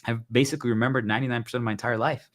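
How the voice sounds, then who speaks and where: Fast-talking, urgent male streamer. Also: mid-range voice, fairly even intonation, a bit bright. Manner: urgent, insistent, repeats phrases for emphasis. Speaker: livestreamer. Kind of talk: motivational monologue to viewers.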